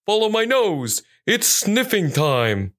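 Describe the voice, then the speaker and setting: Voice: medium pitch, big pitch swings, takes it slowly, fairly bright tone, pitched above the performer's own voice. A storyteller voicing an eager male police dog, urgent and ready to follow the scent, in a children's story.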